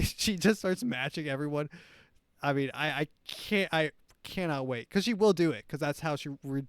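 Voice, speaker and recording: A man's voice: medium pitch, dry recording. A man hosting a comedy show who comments on clips in a rambling, mocking way. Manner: rambling, mocking, with frequent restarts. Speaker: show host.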